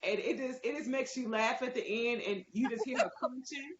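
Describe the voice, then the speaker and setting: A woman taking part in an online class, telling a story in an animated, laughing way. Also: on the high side, brisk. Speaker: class participant. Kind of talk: casual chat. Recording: lo-fi call with background noise.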